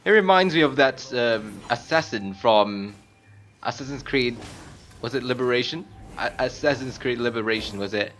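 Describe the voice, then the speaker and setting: A man commentating live on his own gameplay, chatting casually and bursting into loud screams and laughs at the game. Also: mid-range voice, moderate pace, soft background music. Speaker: game streamer.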